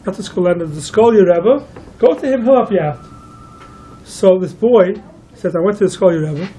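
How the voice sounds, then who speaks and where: A man's voice: high-pitched, normal speed, dark tone, breathy edge, low-quality recording. A man, a rabbi, telling a long story to listeners and quoting each figure in turn. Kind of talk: storytelling talk.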